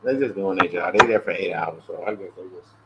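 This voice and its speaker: A man hosting a casual livestream, ranting in an animated, profane way and acting out both sides of phone calls. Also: low voice, brisk. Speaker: livestream host. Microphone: earpiece or headset. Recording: dull lo-fi stream audio with faint hiss.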